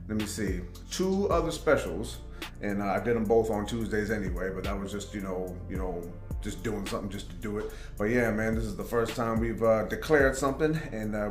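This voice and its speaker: A man's voice: on the low side, a little fast, roomy sound, faint music behind. A man hosting a reaction video, talking in a laid-back, casual way with lots of fillers. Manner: laid-back, filler-heavy, laughs along. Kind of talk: casual chat.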